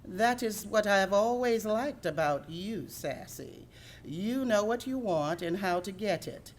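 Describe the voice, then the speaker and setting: A woman voicing a crafty old male goose who puts on a broken French accent, fussy and flattering. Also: mid-range voice, measured pace, pitched above the performer's own voice. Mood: haughty. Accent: broken French, put on.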